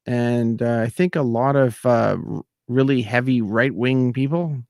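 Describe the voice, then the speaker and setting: Gravelly man ranting with fillers. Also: medium pitch, steady tone, measured pace, a little mellow, no echo, studio quality. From outside America. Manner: rambling, many fillers and restarts, indignant. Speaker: channel host. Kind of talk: casual ranting commentary.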